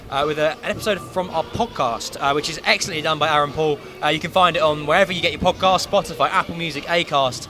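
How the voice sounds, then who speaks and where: A man hosting a casual football club pre-match chat, talking quickly with lots of fillers. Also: fairly high pitch. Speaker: host.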